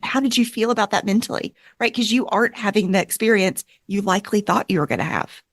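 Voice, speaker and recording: A woman host asks thoughtful interview questions in a middle-pitched voice. The sound is dry and close, and she probes gently. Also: fast talker, no room sound.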